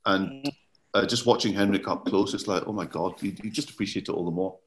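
Scottish man, faintly English-tinged, chatty. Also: lowish voice. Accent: slightly English-tinged Scottish. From Scotland. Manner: animated storyteller, quick asides, chuckles. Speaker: comedian guest. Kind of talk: casual podcast chat.

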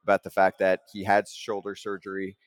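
Man, low voice, dry close sound, upbeat podcast host, sports talk. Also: brisk, dry recording. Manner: excited, laughs easily.

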